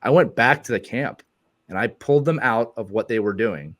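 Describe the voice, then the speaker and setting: A middle-aged man hosting a podcast interview, talking candidly in halting bursts with repeated words. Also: mid-range voice, a bit bright. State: emotional. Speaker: podcast host. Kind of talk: casual interview chat.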